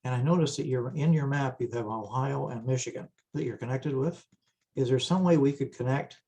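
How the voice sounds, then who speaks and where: A man's voice: mid-range voice, brisk, darkish tone. A man from southern Ontario politely asking a question on a video call, repeating himself now and then. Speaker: caller.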